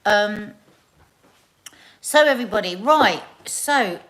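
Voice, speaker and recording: A woman's voice: mid-range voice, normal speed, fairly bright tone, rough recording. Chatty woman greeting viewers live. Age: middle-aged. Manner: chatty and effusive, greets viewers by name, calls people darling. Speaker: host of a live online chat show. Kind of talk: casual live-stream chat reading out viewer comments.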